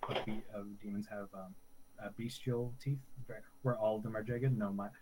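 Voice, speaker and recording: A man's voice: lowish voice, steady tone, moderate pace, very noisy. A man playing a tabletop role-playing game, describing his character's actions hesitantly, with many fillers and restarts. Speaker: player.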